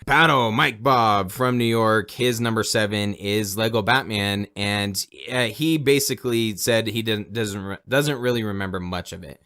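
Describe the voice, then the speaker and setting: A man's voice: fairly low pitch, normal speed, hardly any pauses, bright, forceful tone. A man co-hosting a casual podcast, laid-back and giggly as he reads out a list of rankings. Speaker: podcast co-host.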